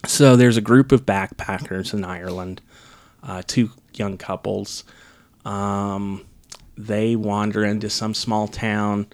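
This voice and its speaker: A man on a casual podcast, recapping a film in a sarcastic, rambling way with lots of ums. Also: on the low side. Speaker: podcast co-host reviewing a film. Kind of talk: casual chat.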